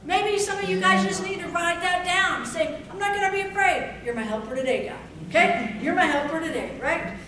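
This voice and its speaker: A woman preacher with a high voice leans into scripture with fervent, drawn-out emphasis. She is recorded from a distance in a strongly echoing church hall. Noise sits clearly under her voice. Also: sharp tone. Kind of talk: sermon. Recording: echoey room from far off, noisy.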